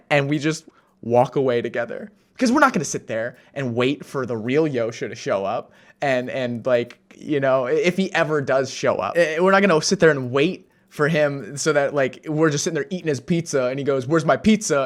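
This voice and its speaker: A young man from the United States telling a story in a casual, rambling way, with many fillers and restarts and a self-amused tone. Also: on the high side. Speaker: vlogger.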